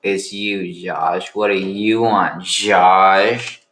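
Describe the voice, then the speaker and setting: A man puts on a grumpy rat girl who brushes people off with short, curt lines, in a slow, unhurried voice with a bright, forceful edge. It sounds like an improvised fan story told into a mic. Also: low-pitched, steady tone, echoey room, distant mic, exaggerated voice. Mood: annoyed. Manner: curt, dismissive.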